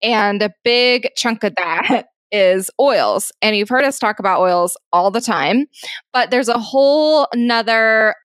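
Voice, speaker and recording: A woman co-hosting a podcast, talking quickly in a playful, rambling way close to the mic. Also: on the high side, expressive, fairly bright tone, no room sound. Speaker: podcast co-host. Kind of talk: casual podcast chat.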